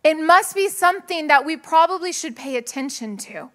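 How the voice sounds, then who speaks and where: A woman's voice: sits high, lively intonation, normal speed. A woman pastor giving a chatty sermon to a live congregation, mixing family stories with scripture and laughing often. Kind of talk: conversational sermon with personal stories. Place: church sanctuary with a live congregation.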